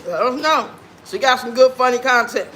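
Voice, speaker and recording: A man with a very high, bright, sharp voice hosts a casual livestream chat while he eats. He talks with food in his mouth and answers his viewers with blunt, sassy trash talk. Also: lively intonation, normal speed, a little hiss or hum. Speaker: livestream host.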